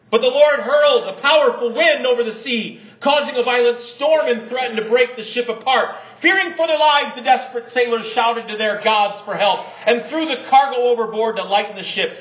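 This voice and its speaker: A male preacher with a high voice reads scripture and preaches in a dramatic way, rising and falling between loud calls and quiet, low murmurs. The sound is echoey and a little dull. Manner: dramatic, varies pitch and loudness, drops low and quiet for emphasis. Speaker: pastor. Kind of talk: sermon with scripture reading.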